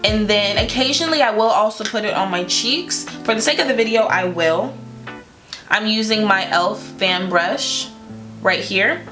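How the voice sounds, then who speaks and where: A woman's voice: mid-range voice, moderate pace, sharp tone. A young woman chatting casually through a makeup tutorial, playful and loose, with lots of fillers and small laughs. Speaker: beauty vlogger. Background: guitar music.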